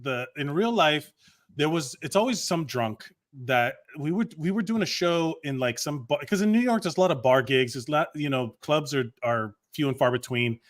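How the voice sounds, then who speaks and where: Male comic co-host, lively and swearing freely, voice sits a touch high. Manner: animated, profane, quick to laugh. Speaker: comedian and podcast co-host. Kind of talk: casual chat.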